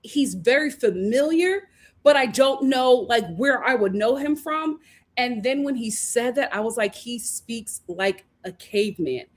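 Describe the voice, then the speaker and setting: A woman's voice: on the high side, measured pace. A woman hosting a casual live recap of a reality show, talking animatedly and acting out the cast's lines. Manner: animated, acts out quotes, laughs often. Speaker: host reviewing a reality show.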